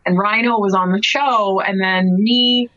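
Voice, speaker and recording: A woman in her thirties from Cape Breton, telling stories casually in an interview, full of "like"s and quick laughs. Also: medium pitch, fairly even intonation, fairly bright tone. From Canada, Cape Breton. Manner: chatty storyteller, many "like"s, laughs often. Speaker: guest wrestler. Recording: dry, dull lo-fi podcast audio.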